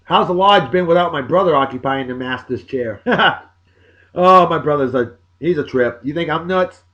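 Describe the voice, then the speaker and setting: Man, 40s, somewhat high voice, jokey, loud bursts and mumbled asides, casual vlog shout-outs. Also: normal speed, muffled recording. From Massachusetts, USA. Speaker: video blog host.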